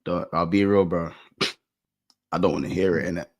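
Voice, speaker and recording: A man's voice: steady tone, normal speed, highs cut off. Guy on a call going off about a bad footy loss, blunt and slangy. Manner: low, blunt, slang-heavy venting. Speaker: football channel co-host. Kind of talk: casual football chat over a call.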